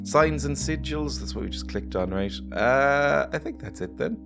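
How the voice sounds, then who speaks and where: A man's voice: medium pitch, animated, moderate pace, gravelly. A man playing a game and chatting casually, joking and laughing as he goes. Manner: chatty, jokey, laughs often. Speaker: let's play gamer. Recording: music playing behind.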